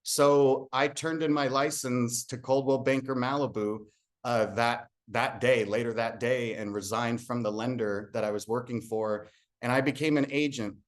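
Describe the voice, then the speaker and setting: A man's voice: medium pitch, fairly even intonation, normal speed. A man speaking as a guest speaker, telling an earnest personal story in a motivational talk and acting out the dialogue.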